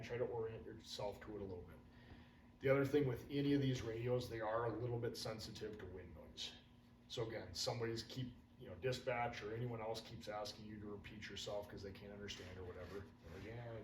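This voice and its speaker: A man leads a casual radio refresher class, folksy and prone to side stories. His voice sits on the low side and is picked up from across the room, so it sounds distant and echoey over a faint background hum. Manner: casual, folksy, wanders into anecdotes. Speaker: radio trainer for firefighters. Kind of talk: hands-on training talk.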